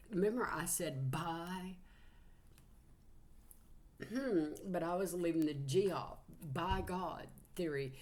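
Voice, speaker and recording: Low-voiced Southern woman, folksy and profane. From Georgia, US. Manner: chatty, profane, folksy, says y'all a lot. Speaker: psychic channeler. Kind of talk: casual channeling session.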